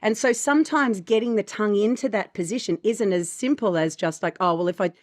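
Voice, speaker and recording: A woman's voice: mid-range voice, brisk, no room sound. Chatty Australian woman, very dry sound. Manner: chatty, often ends with "right?". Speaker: podcast co-host, voice actor. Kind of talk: casual chat.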